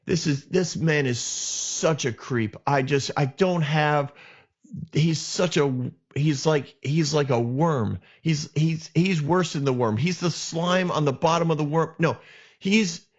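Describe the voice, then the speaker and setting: A man on a podcast retells a Bible story and comments on it with passionate indignation. His voice sits a little high, and he often restarts his sentences. The audio is dull and lo-fi. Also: slow pace. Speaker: podcast host.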